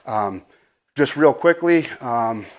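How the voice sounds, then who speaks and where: A man's voice: medium pitch, expressive, slow. A man, a dog trainer, giving casual instructions in his garage, loose and a bit profane, out of breath from play. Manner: loose, profane, says "right?" a lot. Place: home garage.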